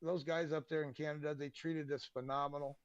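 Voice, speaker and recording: A man, a podcast guest telling casual, animated stories and swearing freely. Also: on the high side, fairly quick, clean tone, no echo, lo-fi sound. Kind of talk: casual storytelling.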